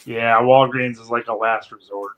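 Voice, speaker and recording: A man's voice: mid-range voice, steady tone, moderate pace, fairly bright tone, a little hiss or hum, low-quality recording. A sleepy man co-hosting a casual live stream, joking dryly as he reminisces. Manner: dry and joking, tired. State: sleepy, yawning. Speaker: co-host. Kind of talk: casual chat.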